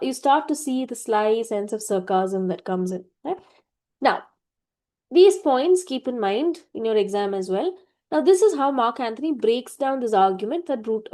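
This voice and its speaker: A woman's voice: a little high, expressive, normal speed, mellow. A woman teacher giving a literature lecture, reading quoted lines and explaining them, with frequent "right?" check-ins to her students. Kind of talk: classroom lecture.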